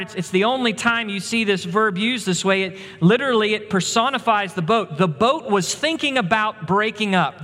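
High-voiced man preaching in a reverberant hall. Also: a bit bright. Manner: expository preaching, retelling scripture with vivid scene-setting. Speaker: pastor. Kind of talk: sermon.

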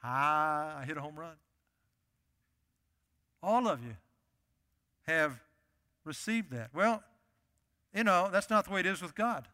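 A man's voice: fairly high pitch, expressive, slow pace, pauses often, sharp tone. A male pastor preaching a sermon emphatically, repeating key phrases for weight. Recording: reverberant hall.

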